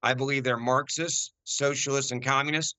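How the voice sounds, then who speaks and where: A forceful American man pressing his point in a heated political debate, hammering the same phrases again and again. His voice comes across bright and crisp, and the sound is close and dry with no room around it. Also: mid-range voice, steady tone, normal speed, no room sound. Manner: forceful, emphatic, repeats key phrases. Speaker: panel guest.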